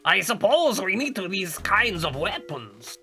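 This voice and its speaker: A scheming cartoon mad scientist drawls each word slowly in a thick, overdone mock-German accent, proud and sly, as a man puts him on. His tone stays bright and edgy. A faint bed of music plays behind him. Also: high-pitched, big pitch swings, vocal fry, voice pushed up, heavily acted. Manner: slow, theatrical, overdone accent.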